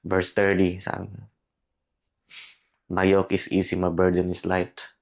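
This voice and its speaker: A man with a Filipino accent, speaking haltingly and tearfully about his feelings. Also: deep voice, monotone, vocal fry. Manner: halting, tearful, searching for words. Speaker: podcast host. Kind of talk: emotional confessional talk.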